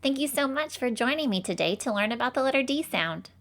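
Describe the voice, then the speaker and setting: A woman's voice: high voice, animated, brisk, a bit bright. A woman voicing a cheerful cartoon phonics teacher, encouraging children with bubbly, sing-song praise.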